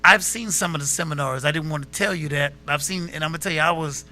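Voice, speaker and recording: A man's voice: a little high, fast, faint music behind. A man hosting a local talk show, chatting casually and acting out the people in his stories. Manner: animated storytelling, acts out quotes.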